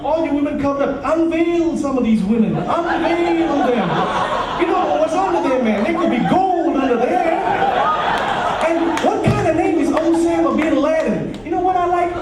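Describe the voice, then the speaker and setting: A man putting on a rowdy, folksy older American politician who pitches his drawl high and lets it build into shouts. The sound is a live club caught from far back, with plenty of echo. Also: background noise. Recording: echoey club recorded from far off.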